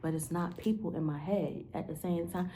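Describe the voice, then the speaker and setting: A woman's voice: on the low side, steady tone, normal speed, mellow, a little hiss or hum. A woman talking to the camera in a candid, rambling diary-style monologue, full of "like" fillers and casual swearing. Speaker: vlogger.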